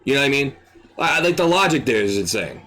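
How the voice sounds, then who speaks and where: Animated, exasperated male streamer rant. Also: mid-range voice, fast talker, a crowd in the background. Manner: exasperated, animated, swears freely. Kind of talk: ranting commentary.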